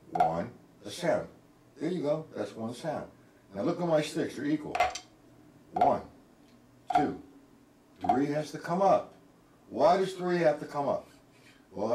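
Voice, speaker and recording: A male drum teacher counts out strokes while he plays, talking his live-stream viewers through the rudiment step by step. He sounds set back from the mic in an echoey room. Clear background noise runs under his voice. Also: medium pitch, distant mic. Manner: counts strokes aloud while playing, addresses viewers by name.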